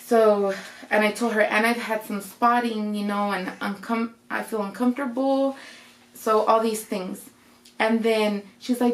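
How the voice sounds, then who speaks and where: A woman's voice: mid-range voice, steady tone, normal speed. A young woman casually telling a personal story, acting out what people said along the way. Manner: chatty, retelling with quoted voices. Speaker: vlogger. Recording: roomy echo.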